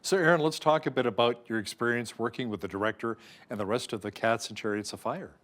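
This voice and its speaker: A man's voice: medium pitch, fast, fairly bright tone. A man interviewing an actor for a news program, asking questions in a friendly, conversational way.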